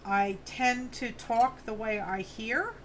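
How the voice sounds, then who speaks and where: A woman in her fifties speaks with a New York accent, her voice sitting a little higher than most. She hosts a relaxed craft livestream from her farm home studio and chats with viewers as she works. She rambles warmly through friendly asides, reading comments aloud as she goes. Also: takes it slowly, slight background noise. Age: 50s. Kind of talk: casual chat while crafting, answering viewer comments.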